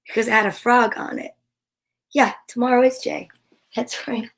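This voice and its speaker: A woman's voice: fairly high pitch, fairly even intonation, moderate pace, creaky. A woman hosting a storytime, reading a fairy tale aloud with playful chatty asides. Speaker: storyteller host. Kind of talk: children's read-aloud.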